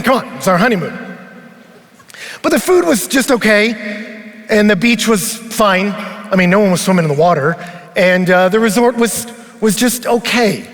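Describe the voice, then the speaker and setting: A man preaching at a conference, telling a story in an animated way and sometimes rising to a shout. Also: sits high. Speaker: pastor. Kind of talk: conference sermon. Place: large arena. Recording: long arena reverb.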